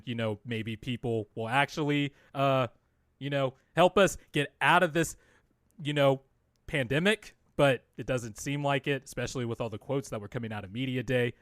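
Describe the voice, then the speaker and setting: A man hosting a casual sports podcast, with a mid-pitched voice recorded dry and close. He rambles through his points, restarts his sentences and laughs between thoughts. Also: no echo. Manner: rambling, laughs often, trails off. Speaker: podcast host. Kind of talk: casual basketball podcast chat.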